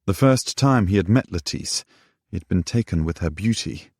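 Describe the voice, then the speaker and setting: A man narrating a romance audiobook in a measured, unhurried way. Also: low-pitched, animated, husky, no room sound, clean studio sound. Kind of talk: scripted narration.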